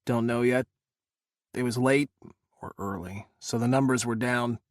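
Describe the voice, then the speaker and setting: A man voicing an exhausted male Secret Service agent, speaking low, measured and somber. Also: fairly even intonation, no echo, clean studio sound, lightly acted. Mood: grim.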